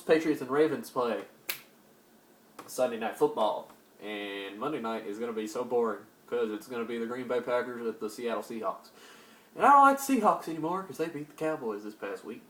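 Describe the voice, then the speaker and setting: Hyper rambling young man, sports talk. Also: mid-range voice. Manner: rambling, hyper, sudden loud outbursts. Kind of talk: casual solo sports talk. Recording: echoey room, distant mic.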